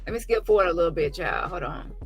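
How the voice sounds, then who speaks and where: A woman's voice: on the low side, lively intonation, fast talker, husky, faint music behind. A woman hosting a commentary channel, reacting to a clip in a blunt, mocking way and laughing often. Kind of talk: reaction commentary on a live stream.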